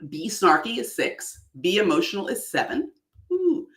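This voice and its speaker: Woman speaking coach, lively up-and-down delivery, laughs often, roomy echo. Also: lowish voice, normal speed. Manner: animated, exaggerated delivery with frequent laughs. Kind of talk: online workshop talk.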